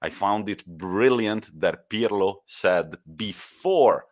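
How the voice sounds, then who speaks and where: A man co-hosting a podcast, telling football stories in a lively way with laughs and the odd swear word. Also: on the low side, slow pace. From Italy. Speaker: podcast co-host. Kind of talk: casual football chat.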